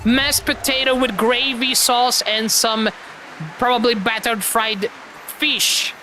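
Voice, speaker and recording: High-voiced playful woman streaming over music. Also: steady tone, slow. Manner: loud, playful, laughing, swears freely. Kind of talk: live game stream commentary.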